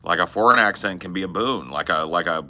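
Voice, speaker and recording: A man's voice: deep voice, fast talker, sharp tone. A man with a Californian accent hosting a podcast, chatting loosely with casual swearing and lots of "bro" and "man". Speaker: podcast host.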